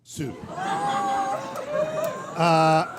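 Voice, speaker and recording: A young man from Uruguay performing deadpan stand-up with slides, his voice sitting a little high. He stumbles through uhs in a flat, halting way. Laughter rises from a live audience around him. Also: a faint crowd, slight background noise. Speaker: stand-up comedian. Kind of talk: comic PowerPoint presentation. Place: comedy venue with live audience.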